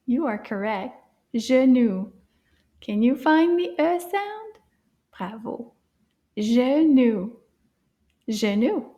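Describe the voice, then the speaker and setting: A high-voiced woman leads a children's French lesson at a very unhurried pace. Her tone is gentle and playful, slipping into soft hushed asides and little gasps of surprise. The voice is mellow rather than bright. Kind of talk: slow, encouraging kids' lesson.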